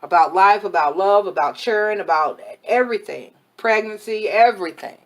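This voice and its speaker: Her voice medium-pitched, moderately paced and a little worn from overuse, a woman offers a casual on-camera tarot reading in her role as spiritual advisor. Expect frank chatter and blunt, motherly counsel.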